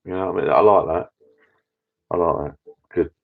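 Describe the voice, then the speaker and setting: A man's voice: deep voice, a little fast, creaky. A man rambling in a casual live chat with viewers from his home bar room. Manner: rambling, chatty, many restarts. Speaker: channel host. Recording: dull lo-fi sound.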